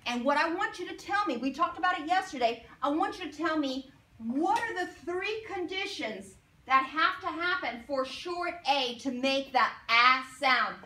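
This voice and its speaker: High, bright teacher leading children. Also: female voice, lively intonation, slight background noise. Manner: encouraging, drawn-out modeled sounds and call-and-response prompts. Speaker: elementary school teacher. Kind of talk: phonics lesson to young children. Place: classroom. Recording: echoey room from far off.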